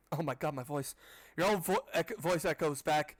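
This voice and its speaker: A man's voice: fairly high pitch, moderate pace, no room sound. A man reading a children's book aloud casually, breaking off for sarcastic, swearing asides. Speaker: audiobook club reader. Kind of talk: casual read-aloud with commentary.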